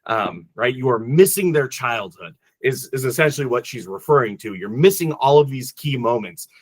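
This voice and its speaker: Halting, emotional man chatting about movies. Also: medium pitch, lively intonation, dry recording. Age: adult father. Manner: halting, many restarts and fillers, emotional. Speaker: podcast co-host. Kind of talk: casual movie discussion.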